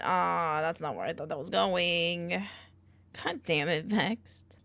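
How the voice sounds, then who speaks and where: Slow, gravelly American woman streamer. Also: lowish voice, expressive, no room sound. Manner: playful, reacting to chat with loud outbursts and laughs. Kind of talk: casual chat with viewers while working. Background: keyboard typing and clicking.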